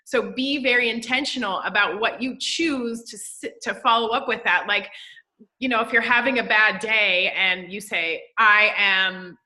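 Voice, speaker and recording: A woman leads a conversational interview, explaining coaching ideas with emphasis and encouragement. Her voice sits a little high and sounds bright and forward. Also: moderate pace. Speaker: podcast host and coach.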